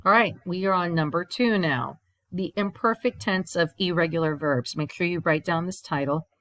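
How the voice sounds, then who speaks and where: A woman with a low voice talks through a recorded grammar lesson, explaining each step and reading example sentences aloud before translating them. The sound is dry and close to the mic, with no room around it. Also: moderate pace, a bit bright, no echo. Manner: explains step by step, reads examples in Spanish then English. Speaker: Spanish teacher.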